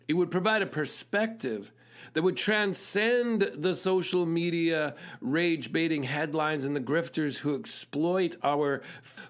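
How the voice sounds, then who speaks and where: A middle-aged man, a musician hosting his own show, telling a story in an earnest, reflective way, often laughing and restarting his sentences. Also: a little high. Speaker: musician and podcast host.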